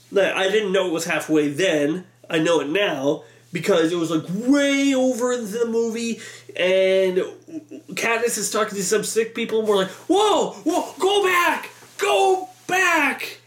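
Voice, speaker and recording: A man vlogger telling an animated, exasperated story, acting out a crowd yelling. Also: high voice, moderate pace. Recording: echoey room.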